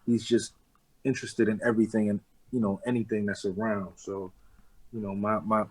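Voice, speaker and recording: A man in his thirties with a New York accent, talking casually and rambling a little in a relaxed interview, dropping street slang. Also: lowish voice, moderate pace, background noise. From the Bronx, New York. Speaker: rapper, interview guest.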